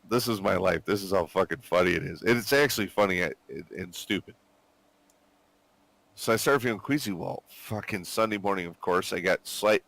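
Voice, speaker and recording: A man in his forties, still recovering from a nasty flu, tells a rambling story packed with swearing and acted-out quotes. His voice sits low, and the sound is dry and close with no room around it. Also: a bit bright, dry recording. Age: 40s. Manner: swears constantly, laughs, acts out quotes. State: recovering from illness, coughing. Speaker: gamer chatting with squadmates. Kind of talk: casual profane storytelling.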